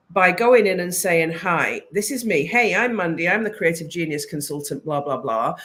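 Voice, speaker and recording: A woman's voice: on the low side, a bit bright. A woman, a business consultant, talking casually and enthusiastically to viewers during a live stream, sometimes breaking off mid-sentence. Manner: chatty and enthusiastic, self-interrupting.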